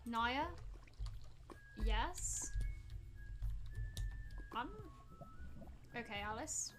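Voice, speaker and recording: A woman's voice: on the high side, animated, unhurried, pauses often. Playful chatty woman streamer over music. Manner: chatty and playful, mock-outraged asides. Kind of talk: live-streamed gameplay chat, talking to viewers. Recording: background music playing under the voice.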